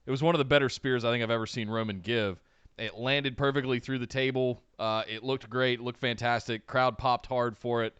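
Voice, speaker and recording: A man's voice: mid-range voice, steady tone, brisk, a bit bright, clean tone, no room sound, muffled recording. A man co-hosting a casual wrestling podcast, recapping a show with enthusiasm and many fillers. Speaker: podcast co-host.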